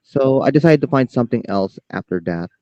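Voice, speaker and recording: A man's voice: mid-range voice, lively intonation, brisk, dark tone, muffled recording. A man from the Philippines, a guest on a casual podcast, nervous and stammering, with frequent laughs.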